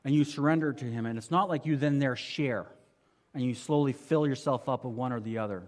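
A man preaching a sermon in a conversational way, asking the congregation rhetorical questions and moving between emphatic and quiet passages. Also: a little fast. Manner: swings from emphatic to quiet and low. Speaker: pastor.

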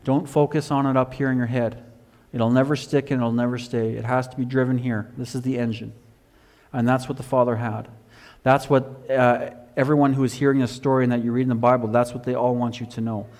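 A man preaching a sermon, telling a Bible story with animated emphasis, swinging from loud to quiet. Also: a little fast, in a large hall. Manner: animated storytelling, rising loud for emphasis then dropping low.

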